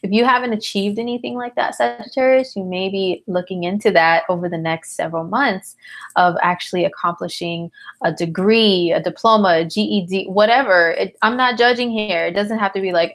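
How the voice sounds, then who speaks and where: A woman's voice: mid-range voice, a little fast. A tired woman hosting a casual live astrology chat, talking in a slangy, chatty way and answering viewer comments. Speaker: astrologer host.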